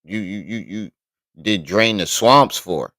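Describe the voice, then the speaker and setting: A man's voice: on the low side, slow pace, sharp tone, no room sound. A man hosting a live stream, reacting bluntly and with exasperation, swearing often.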